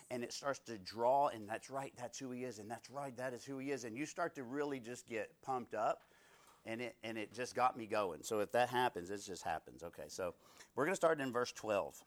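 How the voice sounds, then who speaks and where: A man in his thirties with a mid-range voice leads a Bible study, preaching in a conversational way through personal stories and often asking his listeners "right?".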